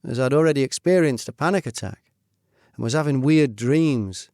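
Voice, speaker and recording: A man's voice: medium pitch, dry recording. Man narrating his memoir, dry. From United Kingdom. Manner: measured, steady storytelling. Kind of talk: first-person memoir narration.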